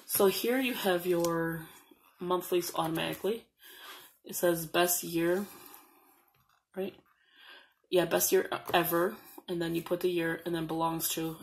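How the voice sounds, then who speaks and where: A woman's voice: lowish voice, a little hiss or hum, rough recording. A woman casually showing a planner on her channel, reading the printed slogans aloud as she flips through the pages. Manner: chatty, reads printed slogans aloud while flipping pages. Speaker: planner vlogger. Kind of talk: casual show-and-tell.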